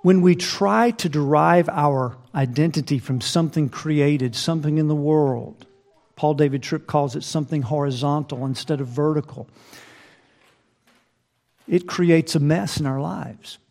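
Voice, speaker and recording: A man's voice: a little high, a little slow, gravelly, darkish tone. A man preaching a sermon, reading scripture aloud and asking the listeners rhetorical questions. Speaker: pastor.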